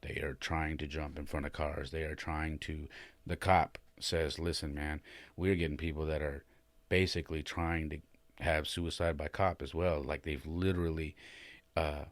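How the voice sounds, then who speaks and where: Podcast host, male, very deep voice, shaken storyteller, dry close recording. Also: normal speed, no room sound. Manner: retells with animated quoted voices, many fillers. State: shaken and emotional. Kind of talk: casual storytelling.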